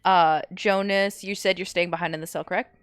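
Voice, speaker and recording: A woman narrating as game master for a tabletop role-playing game, casual and quick to laugh. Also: on the low side, steady tone, clean tone, dry recording.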